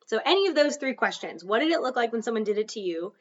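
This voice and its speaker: A woman hosts a solo podcast, chatty and self-deprecating as she coaches her listeners. Her voice sits at a middling pitch and seems a little off the mic. The recording sounds dull and muffled. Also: very animated, fast talker, far from the mic. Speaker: podcast host. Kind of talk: casual solo podcast talk.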